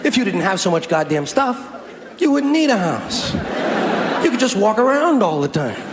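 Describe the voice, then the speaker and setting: A man riffs sardonically through an observational bit, his pitch leaping around lively. The sound is roomy with a long hall tail. Clear background noise sits under the voice. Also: normal speed, a loud crowd. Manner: sardonic, repetitive, riffing observational delivery. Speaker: stand-up comedian. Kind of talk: stand-up routine. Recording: echoey live hall recording with background noise.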